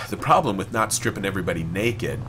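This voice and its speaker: A man's voice: low-pitched, animated, a little fast, bright, forceful tone, a little hiss or hum. Rambling, profane male gamer. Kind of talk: let's play commentary.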